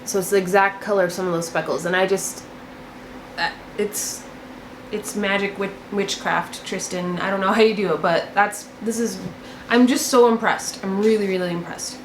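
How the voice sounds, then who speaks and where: A woman's voice: mid-range voice, steady tone, moderate pace, slight background noise. A young woman hosting a knitting video podcast, chatting casually and gushing about her finished projects, often repeating words for emphasis. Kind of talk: casual show-and-tell chat. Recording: echoey room.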